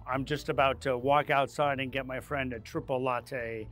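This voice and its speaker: A man hosting his own leadership channel, telling a dramatic personal story to camera in an animated way, acting out his own panicked lines. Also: mid-range voice, moderate pace, faint music behind. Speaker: leadership speaker and channel host.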